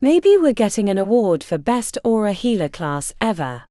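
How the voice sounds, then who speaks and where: A woman's voice: medium pitch, sing-song, moderate pace, mellow, no echo, clean studio sound, close to an everyday voice. A woman voicing a wry, joking young man, a fellow healer student.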